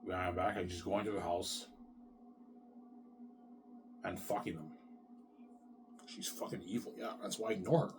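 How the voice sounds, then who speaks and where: A man's voice: sits low, fairly even intonation, moderate pace, pauses often, over music. A man ranting in a rambling solo vlog, profane and repetitive. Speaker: vlogger.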